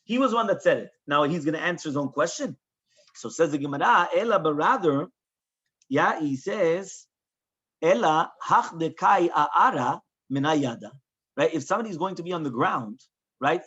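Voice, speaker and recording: A man's voice: on the high side, fairly bright tone, husky, muffled recording. A man teaching a Talmud class as a rabbi, explaining the text with lots of rhetorical questions and quoted Hebrew and Aramaic.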